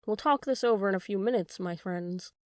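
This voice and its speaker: A woman's voice: medium pitch, fairly quick, a little mellow, dry recording, studio quality, close to an everyday voice. A woman voicing an earnest wooden boy marionette in a storybook reading.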